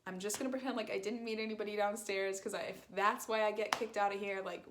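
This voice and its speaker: A woman's voice: medium pitch, steady tone, fast, a little hiss or hum. A young woman telling a casual storytime, rambling with lots of fillers and acting out quoted lines. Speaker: vlogger.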